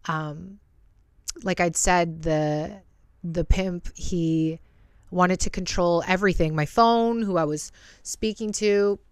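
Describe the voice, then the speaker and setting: Woman, low voice, candid personal storytelling, emotional, swears, dry close sound. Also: takes it slowly, smooth, no room sound. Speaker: podcast host.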